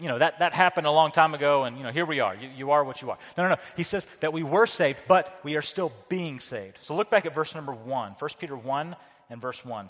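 A man's voice: on the high side, a bit bright. A man preaching a sermon as pastor, earnest, often repeating words and putting questions to the congregation. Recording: long hall reverb.

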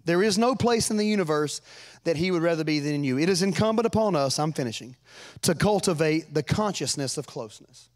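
A man preaching a sermon, fervent and folksy, climbing to loud peaks and dropping to quiet asides. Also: animated, fairly quick. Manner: fervent, rises to shouts then drops low; folksy, repeats words.

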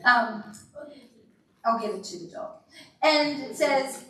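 A woman pastor delivering an animated sermon, acting out quotes with sighs and laughs. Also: fairly high pitch, slow pace, long pauses, slight background noise. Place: church sanctuary. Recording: echoey hall, voice from far off.

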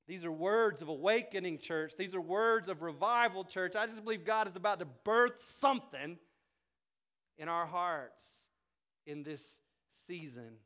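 A male pastor preaching a sermon to his church, swinging from loud, emphatic climaxes down to quiet, intimate passages. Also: sits high, animated, a little slow. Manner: rises to loud emphatic preaching, then drops soft.

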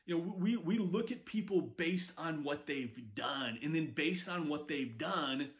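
Animated man preaching a sermon. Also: on the high side, measured pace. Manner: animated storytelling with acted quotes. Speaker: pastor.

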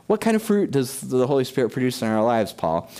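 A man's voice: medium pitch, big pitch swings, brisk, warm tone. A middle-aged man preaching a sermon with emphasis, asking questions of his congregation. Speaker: pastor.

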